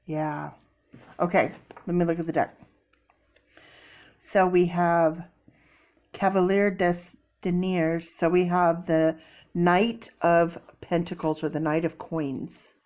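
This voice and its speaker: Female tarot reader, slow and chatty, given to excited bursts. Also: lowish voice. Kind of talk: casual tarot reading.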